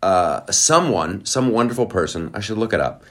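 A male podcast host with a lowish voice that leaps all over in pitch as he rambles. He talks playfully and excitably, hopping off on tangents and trading loud bursts for quiet, muttered asides. Casual solo show talk. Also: normal speed.

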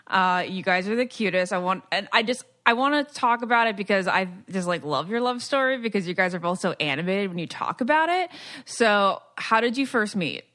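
A woman co-hosting a podcast in a casual, bubbly way. Her voice has a very bright, sharp edge as she leads into her questions. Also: mid-range voice, animated, brisk. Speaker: podcast co-host. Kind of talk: casual chat.

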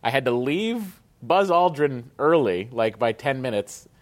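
A man co-hosting a podcast trades stories in loose, casual chat. He cracks jokes and swears freely, and his voice sits at an ordinary middle pitch. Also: very animated, unhurried. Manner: storytelling, jokey, swears casually. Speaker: podcast co-host.

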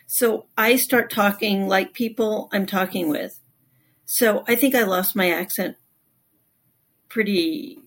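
Guest author, woman from Texas, calm reflective storyteller. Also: medium pitch. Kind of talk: conversational interview.

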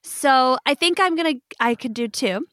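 A woman's voice: sits high, animated, moderate pace, a bit bright, no echo, clean studio sound. A woman playing a tabletop game, chatty and playful as she describes her moves. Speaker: player.

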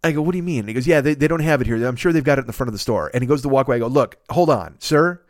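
A man telling a comic story in a podcast, animated and profane, acting out the people he quotes. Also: medium pitch, very fast, no room sound, studio quality. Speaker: podcast host.

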